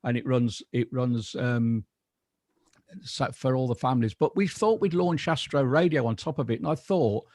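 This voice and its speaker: A man's voice: medium pitch, moderate pace, darkish tone, no room sound, studio quality. A man on a video call, chatting casually and rambling with many restarts as he talks about his astronomy radio station.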